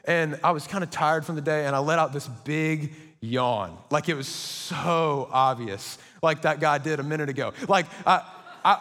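Man preaching in a reverberant hall. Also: on the high side. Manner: energetic storytelling with quick asides. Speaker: pastor. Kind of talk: sermon. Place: church auditorium. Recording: reverberant church auditorium.

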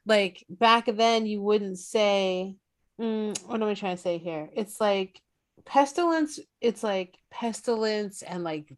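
A woman co-hosting a podcast in casual chat, swearing freely and acting out quoted lines. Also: medium pitch. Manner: profane, animated, acts out quoted lines. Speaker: podcast co-host.

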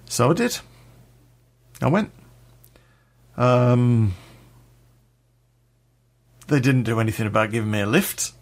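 A man's voice: medium pitch, lively intonation, takes it slowly, long pauses. A man telling a personal story in a blunt, sweary way, with a laugh now and then.

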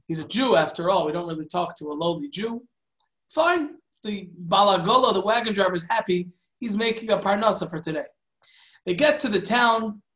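Male storyteller, halting and filler-heavy, mixes in Yiddish and Hebrew words, roomy echo. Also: sits high, fairly bright tone. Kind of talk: telling a folk tale.

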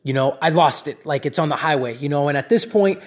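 A man with a somewhat high voice tells his audience a personal story that builds to a lesson. He talks in an animated, rambling way, repeats himself and keeps checking in with "right?" and "you know?". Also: brisk. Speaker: speaker addressing his audience.

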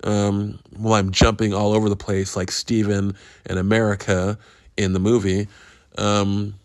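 A man's voice: on the low side, little pitch movement, unhurried, clear, resonant tone, no room sound, clean studio sound. A man hosting a casual solo podcast, reviewing a movie in a rambling, profane, self-interrupting way. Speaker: podcast host.

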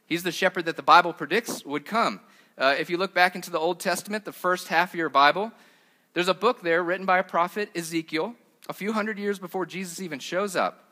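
Bright-voiced young man preaching. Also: sits high, a little fast. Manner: conversational preaching with frequent "uh" fillers. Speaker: pastor. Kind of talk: sermon.

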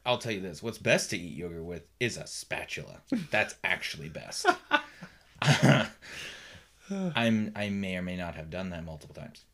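Man, podcast co-host, low and very animated voice, teasing and quick to laugh. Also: vocal fry. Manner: playful, teasing, laughs often. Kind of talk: casual chat.

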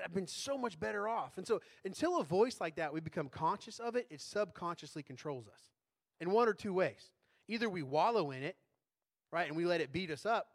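A man's voice: high voice, vocal fry, a bit bright. A man preaching a sermon as a pastor in a conversational way, often checking in with tag questions.

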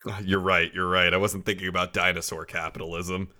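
Lower-voiced man recapping casually. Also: fairly quick. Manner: rambling, relaxed storytelling with many fillers. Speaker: podcast co-host recapping an episode. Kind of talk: casual chat.

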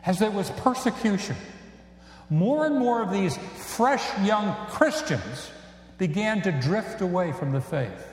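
An older man preaching a sermon in a reflective, earnest way, with pauses and fillers. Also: fairly high pitch, darkish tone. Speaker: pastor. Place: church sanctuary. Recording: echoey church hall.

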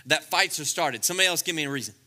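A man preaching a lively, comedic sermon, acting out scenes in playful voices. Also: fairly high pitch, very fast. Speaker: pastor.

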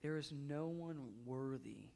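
A man's voice: fairly high pitch, slow pace, gravelly, mellow. A man in his thirties preaching a sermon in a church, conversational, often repeating words as he builds up intensity. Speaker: pastor.

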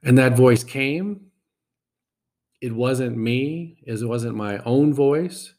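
A man's voice: mid-range voice, darkish tone. Reflective man telling a personal story. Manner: reflective, halting, repeats words.

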